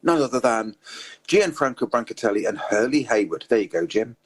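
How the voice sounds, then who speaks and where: A man presenting motorsport radio, telling anecdotes in a lively, chatty way. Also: mid-range voice, brisk, low-quality recording. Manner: anecdotal storyteller, lively retelling.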